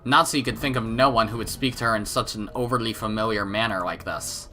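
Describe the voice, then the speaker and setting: A man reading a visual novel aloud in an expressive, animated way. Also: fairly low pitch, quick pace, few pauses, soft background music. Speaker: let's play narrator.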